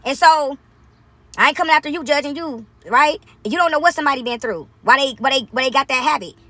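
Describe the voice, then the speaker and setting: A woman telling a long casual story to her viewers, chatty and animated, tossing in "right?" after almost every point. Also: high voice, fast talker, dry recording. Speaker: vlogger.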